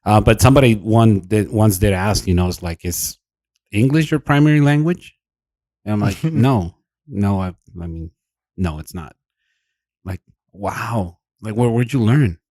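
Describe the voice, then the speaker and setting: A man's voice: lowish voice, measured pace, a little mellow, no echo. A young adult man from near the Nogales border with a Mexican accent, telling stories in an easygoing way on a podcast. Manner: easygoing storytelling, hesitant restarts. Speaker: podcast co-host. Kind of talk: casual chat.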